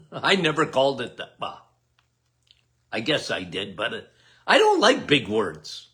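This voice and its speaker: A man's voice: mid-range voice, wildly swooping pitch, a little slow, pushed and bright. An older man hosting a live health Q&A, talking in a folksy, emphatic way and checking in with "okay?" over and over. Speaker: health show host answering viewer questions. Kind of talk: casual live Q&A.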